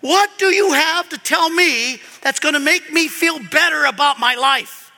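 Male pastor, sermon, animated delivery, very high and sharp-toned voice, hall echo. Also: measured pace, gravelly. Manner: animated, swings from loud emphasis to quiet asides. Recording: long hall reverb.

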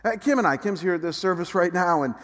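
A male pastor delivers a sermon in a slightly high voice, and the sound rings with long reverb through a large church hall. He drops low and slow for quiet reflection, then climbs loud and animated as he acts out the voices of others.

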